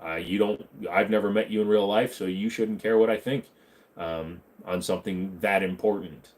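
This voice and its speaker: A man's voice: lowish voice, fairly even intonation, moderate pace, a little mellow. A man hosting a casual livestream from his home computer room, reading chat questions aloud and answering them in a rambling, joking way.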